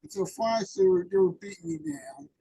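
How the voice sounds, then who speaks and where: High-sitting, warm and husky, a man's voice moves quickly through rambling recovery anecdotes as an interview guest. He acts out the lines people said, and the recording is rough.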